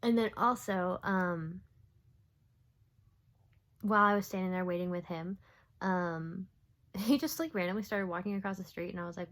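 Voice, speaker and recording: A woman's voice: mid-range voice, normal speed. A young woman talking straight to camera in a casual confessional vlog. She rambles and overshares, filling gaps with ums and little laughs, and now and then drops to a whisper. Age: young adult. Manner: rambling, oversharing, with frequent fillers and soft laughs. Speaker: vlogger.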